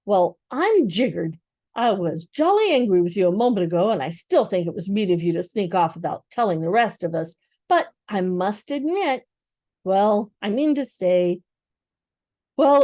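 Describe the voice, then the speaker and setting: A woman doing a flustered, quick-talking schoolboy. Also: mid-range voice, mellow, no echo, clean studio sound, lightly acted. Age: older. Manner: quick, flustered, old-fashioned exclamations. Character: excitable well-spoken English schoolboy.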